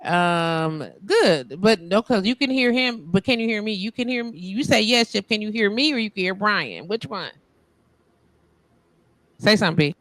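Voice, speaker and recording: A woman's voice: medium pitch, lively intonation, normal speed, a bit bright, no echo. A woman hosting a live stream in casual chat, muttering and venting as she fixes her tech. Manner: frustrated, muttering while fixing tech. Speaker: host.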